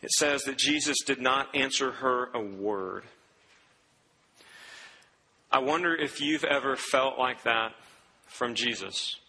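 Bright-voiced preacher in a reverberant hall. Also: male voice, medium pitch, slow pace, pauses often, a little hiss or hum. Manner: conversational preaching, quotes scripture and acts out voices. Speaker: pastor. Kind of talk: sermon.

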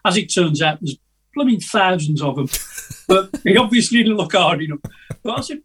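Sounding high, husky, and fairly bright, an older musician animatedly tells wandering stories at a normal speed during a casual video-call interview. He's hesitant and talkative, often laughing at his own tales, and his voice is a bit distant from the mic.

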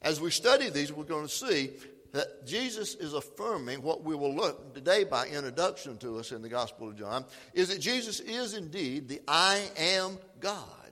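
Pastor guy preaching, kinda high bright voice, big echoey church sound. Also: expressive, normal speed. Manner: preaching, reads scripture aloud with emphasis. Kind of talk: sermon.

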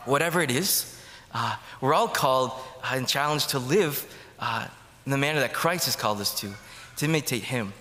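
A man preaches a casual homily in a church, his voice bright and forceful. He rambles and restarts, leaning on many fillers. The sound is roomy, with a long reverb trailing behind each phrase. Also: medium pitch, moderate pace.

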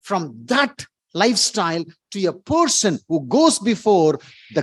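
A man preaching a sermon as pastor, emphatic, repeating words and rising to loud exclamations. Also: sits high, very animated, unhurried, slightly rough, no room sound.

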